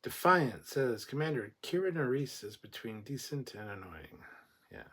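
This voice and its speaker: Blunt, swearing man with a husky voice. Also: lowish voice, expressive, unhurried, fairly bright tone. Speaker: livestream host reading chat. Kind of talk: casual livestream chat.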